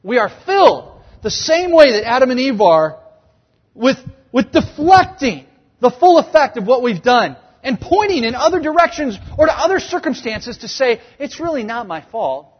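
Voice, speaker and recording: A pastor in his thirties preaches with humorous, animated storytelling, acting out the voices of the people he quotes. His voice is very high-pitched and husky, at a moderate pace. The recording sounds dull, with an echoey hall quality.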